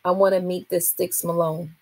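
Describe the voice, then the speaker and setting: A woman voicing a gentle, soothing mother. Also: fairly low pitch, level tone, normal speed, creaky, no echo. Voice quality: soft, creamy.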